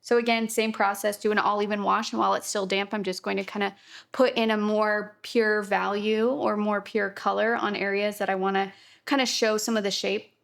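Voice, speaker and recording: A young woman talking a friendly watercolor lesson in an upbeat, reassuring way, dropping in easygoing fillers as she paints. her middle-pitched voice slides into a gravelly fry at the ends of phrases. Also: little pitch movement, moderate pace, a bit bright. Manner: chatty, upbeat, reassuring, lots of fillers like "kinda". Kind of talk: casual instructional painting tutorial.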